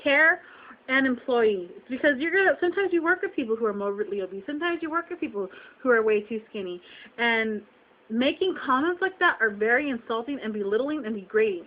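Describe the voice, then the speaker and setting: A woman's voice: on the high side, animated, fairly quick. A young woman venting to her viewers, upset and close to tears, repeating herself and firing off rhetorical questions. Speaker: vlogger. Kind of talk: emotional venting to camera. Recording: dull lo-fi webcam audio.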